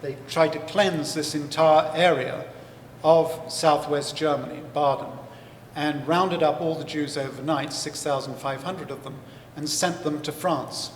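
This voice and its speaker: Guy author talking it through, lots of um and you know, kinda high voice, big echoey hall. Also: steady tone, a little slow, a little hiss or hum. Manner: thoughtful, explanatory, with many fillers and restarts. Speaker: author and historian, interview guest. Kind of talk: live festival interview. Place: large hall at a book festival. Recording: echoey hall with faint ambience.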